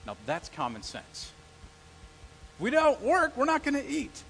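High-voiced, animated male preacher. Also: a little slow, vocal fry, slight background noise, low-quality recording. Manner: animated storytelling with acted-out quotes. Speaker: pastor. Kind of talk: sermon.

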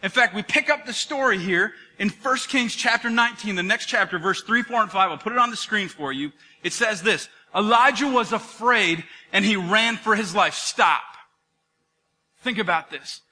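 A male pastor delivers a lively sermon, retelling the story with acted-out voices. His voice sits high and rings bright and forceful. He swings from near-shouts down to low, hushed asides. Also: normal speed.

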